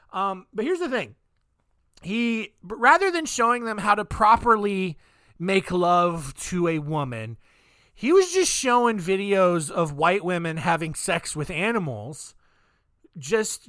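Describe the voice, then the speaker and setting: A drunk male podcast host tells a crass story in a loose, rambling way, tripping over his own sentences. His voice jumps up and down with his excitement. The sound is dry and close-miked. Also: on the high side, no room sound. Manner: rambling, crass, restarts a lot. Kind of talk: comedic storytelling.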